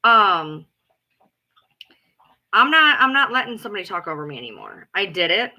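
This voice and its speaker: A woman talking in a casual rant to her followers, blunt and profane, repeating herself for emphasis and calling herself loud. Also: medium pitch, sing-song, moderate pace. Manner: loud, self-described alpha female. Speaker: live streamer. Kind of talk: casual ranting chat.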